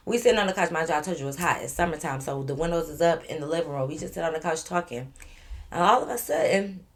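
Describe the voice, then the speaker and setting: A woman vlogger telling a personal story to camera, blunt and animated, swearing freely and talking straight to her viewers. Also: sits low, quick pace.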